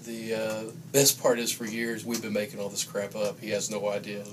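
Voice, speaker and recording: A man's voice: lowish voice, normal speed. Man deadpanning jokes in a noisy room. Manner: dry, deadpan joking. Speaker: coworker giving a roast. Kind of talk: joking roast.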